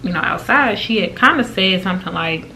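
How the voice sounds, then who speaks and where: Animated woman vlogger, bright voice. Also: a little fast, a little hiss or hum. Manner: animated and exasperated, with big pitch jumps when quoting. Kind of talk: casual storytime retelling.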